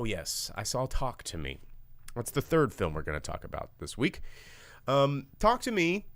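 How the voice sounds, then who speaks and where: Low-voiced man rambling through a movie review. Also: a bit bright, smooth, dry recording. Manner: rambling, filler-heavy, acts out characters' lines. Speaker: podcast co-host, film reviewer. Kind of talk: casual movie review chat.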